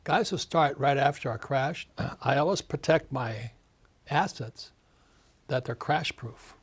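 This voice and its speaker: At a measured pace, a husky author in his seventies speaks in a mid-range voice during an animated interview. He rants emphatically, repeats words and mimics others.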